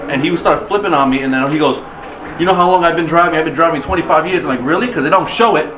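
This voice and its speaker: A man's voice: on the high side, racing, echoey room, dull audio, noisy background. A young man telling a story in casual, profane speech, acting out the quotes. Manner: profane, animated, acts out quotes. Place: in a car.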